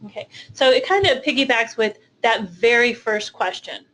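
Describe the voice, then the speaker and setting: A woman with a slightly high voice hosts a webinar. She keeps her questions short and practical, moving the conversation along to the next topic. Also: expressive, moderate pace, fairly bright tone, rough recording. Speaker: webinar host. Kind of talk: hosting a Q&A webinar.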